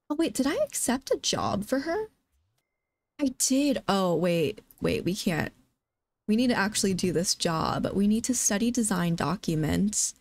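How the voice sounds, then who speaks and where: A woman giving casual, excitable gameplay commentary as a let's play host, often exclaiming. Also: a little high, gravelly, no room sound.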